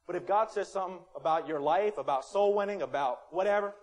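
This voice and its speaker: A man preaching a sermon in a church, animated and playful, acting out quotes and rising to loud emphasis. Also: high-pitched, quick pace. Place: church sanctuary.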